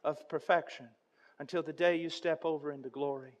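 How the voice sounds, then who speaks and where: Brief: fervent male preacher, high voice, storytelling sermon that swells in intensity. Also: steady tone, brisk. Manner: impassioned, builds to near-shouting intensity.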